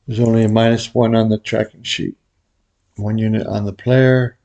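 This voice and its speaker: A man hosting a gambling video, calling out his bets in a relaxed, muttered running commentary to viewers. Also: fairly low pitch, moderate pace, dull audio. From Vegas pro. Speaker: baccarat video host. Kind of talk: casual play-by-play of bets.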